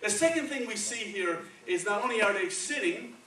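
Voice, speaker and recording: A man's voice: high-pitched, expressive, normal speed, sharp tone, a little hiss or hum. A man with a Spanish accent preaching a sermon in a conversational way, often checking in with the congregation with "okay" and "right". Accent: Spanish-accented English. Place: church sanctuary. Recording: echoey church, from far off.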